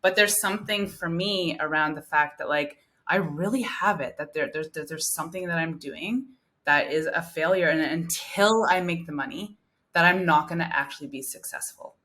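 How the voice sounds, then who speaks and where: A woman calling in to a live coaching show, talking earnestly and haltingly about her business. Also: deep voice, fairly bright tone. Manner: earnest, halting, restarts often. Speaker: caller, coach with a small business. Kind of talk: casual live-call conversation.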